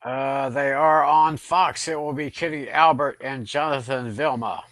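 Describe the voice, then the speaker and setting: Bright-voiced man, dry close sound. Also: medium pitch, steady tone, unhurried, no echo. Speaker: panelist. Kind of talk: casual sports chat.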